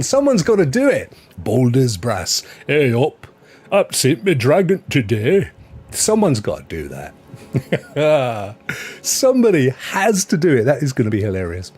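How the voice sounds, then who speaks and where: A male stream host chatting at home, his voice leaping up and down with big swings in pitch. He jokes around and laughs at his own gags, with faint music playing behind him. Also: darkish tone. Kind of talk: casual live-stream chat.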